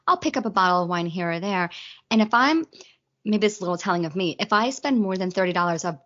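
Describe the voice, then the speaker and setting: A woman's voice: fairly low pitch, animated, fast talker, fairly bright tone, highs cut off. A woman co-hosting a podcast in casual chat, laughing easily and playfully doubtful. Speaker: podcast co-host.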